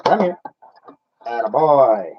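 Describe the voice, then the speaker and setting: A man's voice: medium pitch, very animated, slow, highs cut off, background noise. A man chatting casually while unboxing a collectible toy car, self-mocking and laughing at himself.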